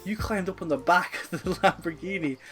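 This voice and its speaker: Frank, animated male podcast co-host. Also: high-pitched, brisk, over loud music. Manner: frank and animated, acts out quotes. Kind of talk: casual chat.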